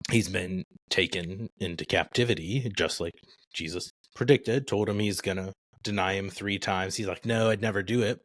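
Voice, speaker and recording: A man's voice: sits low, fairly bright tone, no room sound. A man in a casual podcast discussion, talking conversationally and often reaching for "like" as he thinks aloud. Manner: conversational, filler-heavy with many "like"s. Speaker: podcast co-host.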